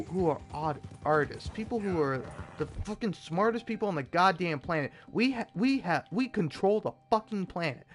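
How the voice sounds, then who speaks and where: A man's voice: a little high, a little hiss or hum. Profane, heated young American man ranting. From United States. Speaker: gaming YouTuber. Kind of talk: ranting commentary over gameplay.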